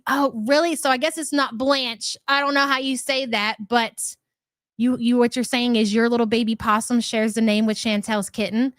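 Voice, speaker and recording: A woman with a fairly high voice hosts a chatty livestream, sarcastic and scornful, breaking off to greet viewers by name. The sound is close and dry, with no room behind her. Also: a little slow, a bit bright, dry recording. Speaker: livestream commentary host. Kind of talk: casual livestream commentary.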